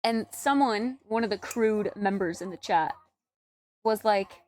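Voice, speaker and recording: A woman's voice: fairly high pitch, measured pace, a little mellow. A woman in her twenties, a streamer in casual live-stream chat, giggly and chatty with lots of "like". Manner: giggly, chatty, filler-heavy with "like".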